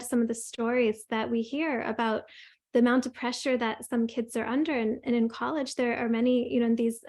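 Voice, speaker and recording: A woman host with a somewhat high voice speaks in long, flowing sentences. She sounds earnest and encouraging as she addresses her guest and listeners. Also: a little mellow. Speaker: host, somatic experiencing coach. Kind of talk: warm interview talk.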